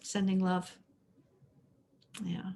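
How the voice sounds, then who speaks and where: A woman's voice: on the low side, little pitch movement, drawn-out words, warm tone. A woman chatting in an online study group, telling a story with easy laughter over a video call. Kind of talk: casual sharing in an online group.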